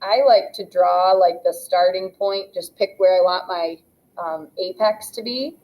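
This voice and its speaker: A woman's voice: fairly low pitch, fairly even intonation, measured pace, darkish tone, low-quality recording. Young adult female math teacher, patient, step-by-step classroom explainer. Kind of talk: classroom lesson narration.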